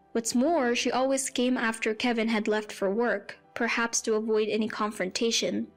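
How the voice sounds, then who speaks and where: A woman narrating a first-person story in a plain, even storytelling voice. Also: fairly high pitch. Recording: faint music behind.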